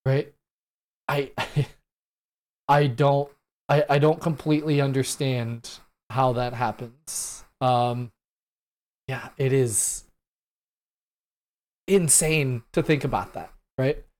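A man in his late thirties giving solo commentary on news events, talking in an earnest, halting way with many fillers and restarts. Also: mid-range voice, darkish tone. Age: late 30s. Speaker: podcast host.

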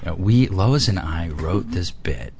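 A man co-hosting a casual talk show, rambling and playful as he pitches a product and tells stories. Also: expressive, a little slow, darkish tone. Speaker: co-host. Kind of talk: casual radio-style chat. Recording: noticeable background noise.

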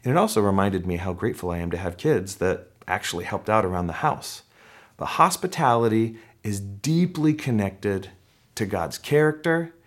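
A man's voice: fairly low pitch, expressive. Conversational male pastor preaching. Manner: conversational preaching with fillers and restarts, reads scripture slowly. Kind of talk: sermon.

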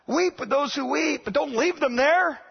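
A man's voice: extremely high pitch, normal speed, creaky, highs cut off. A middle-aged man preaching a sermon as pastor, playful and laughing, acting out the voices of others.

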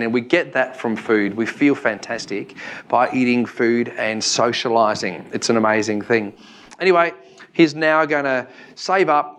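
A man's voice: mid-range voice, fairly bright tone. An Australian man in his forties giving a chatty live talk to an audience, joking and asking them questions. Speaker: seminar presenter.

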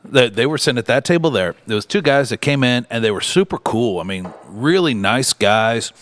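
A man with a Midwestern American accent, a bar owner telling a story in casual podcast chat, animated and swearing freely. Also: medium pitch, moderate pace.

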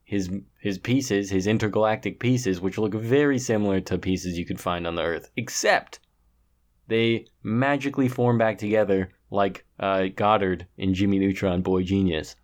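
A man's voice: fairly low pitch, moderate pace. A man co-hosting a podcast, retelling a film plot in a rambling, laughing casual chat. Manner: rambling, laughs between lines. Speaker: podcast co-host.

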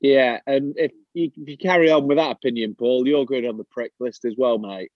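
A man's voice: mid-range voice, fairly even intonation, a little fast, highs cut off. A man co-hosting a podcast, blunt and wry with plenty of swearing. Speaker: podcast co-host. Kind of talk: casual chat.

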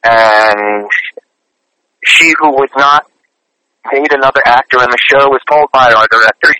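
A man's voice: mid-range voice, unhurried, pauses often, bright, forceful tone, a little hiss or hum, poor audio. A man guesting on an interview, a singer who tells his stories in an earnest, chatty way. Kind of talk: casual interview storytelling.

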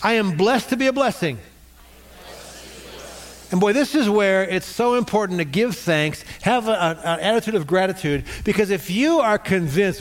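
A middle-aged man preaches a sermon with a lively delivery and keeps drawing the congregation into call-and-response. His voice sits somewhat high for a man. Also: normal speed. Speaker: pastor.

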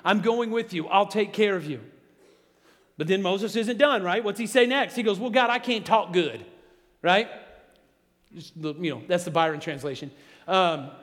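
A man preaching a sermon as pastor, animated and building to emphatic peaks. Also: high-pitched. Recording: long hall reverb.

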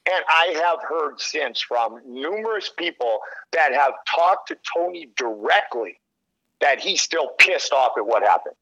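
Lively middle-aged man telling stories. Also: mid-range voice, a little slow, dull audio. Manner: animated, laughs often, acts out quotes. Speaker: sports commentator, podcast guest. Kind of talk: casual storytelling.

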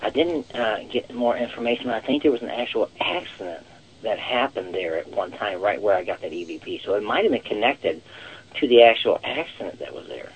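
A man's voice: on the low side, expressive, fairly quick, slightly rough, poor audio. A man talking as a psychic guest in a casual interview, rambling and leaning on the word "actual" again and again. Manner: rambling, repeats "actual" often.

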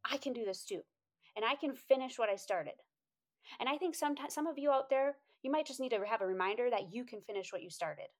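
A woman telling a motivational story in a casual, animated way, quoting herself in high voices and laughing often. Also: quick pace. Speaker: inspirational speaker.

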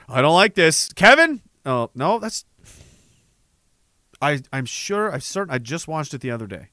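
A man's voice: fairly high pitch, very animated, moderate pace, long pauses, bright, forceful tone, no room sound. A young man hosting a show, delivering a heated, profane, rambling monologue full of restarts. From Canada. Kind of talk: ranting casual monologue.

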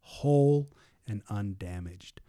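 A man with a low, mellow voice leads a casual Bible study. He reads scripture slowly and retells stories with animated voices for the figures. The sound is dry and close. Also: dry recording. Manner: animated, acts out biblical figures in casual speech.

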